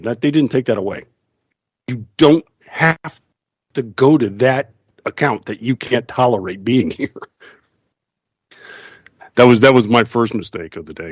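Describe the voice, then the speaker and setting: A man's voice: mid-range voice, very animated, moderate pace, pauses often, breathy edge, no room sound. A man hosting a casual radio talk show, sarcastic and laughing often as he mocks other people's voices. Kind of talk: casual chat.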